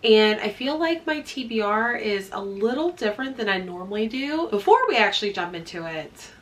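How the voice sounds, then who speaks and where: A woman's voice: mid-range voice, animated, moderate pace. A young woman with a congested, nasal voice from a cold, chatting upbeat to camera about books, with lots of fillers. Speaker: book vlogger. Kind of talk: casual chat to camera.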